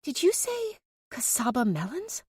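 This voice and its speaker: A playful, teasing young woman, pitched noticeably higher and brighter than the surrounding narration, as a woman reader puts her on. She sounds lively and cheerful, and the dry, close recording keeps her crisp. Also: measured pace, no room sound, heavily acted. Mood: curious. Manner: bright, lively, mock Southern drawl at times.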